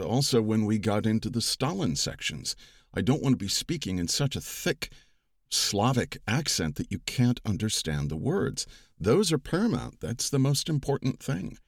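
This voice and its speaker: A man with a deep, low-set voice speaks in a measured, thoughtful way about his craft as an audiobook narrator. The sound is dry and close, with almost no room around it. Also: dry recording. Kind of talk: reflective interview talk.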